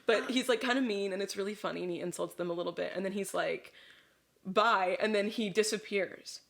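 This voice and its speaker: Slightly drunk woman podcasting, rambly, lots of "like"s, mid pitch. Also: fast talker, gravelly. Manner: rambling, filler-heavy, laughing asides. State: a little drunk. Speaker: podcast co-host. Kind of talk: casual chat retelling a story.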